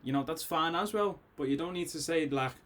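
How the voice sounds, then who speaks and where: A man with a Scouse accent talks through an album in a loose, excitable ramble from his bedroom. He sounds a bit tipsy, laughs often and keeps circling back to his points. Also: a little high, fairly quick. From Liverpool, England. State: tipsy after drinks. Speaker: music reaction host. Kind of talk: casual album reaction. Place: bedroom at home.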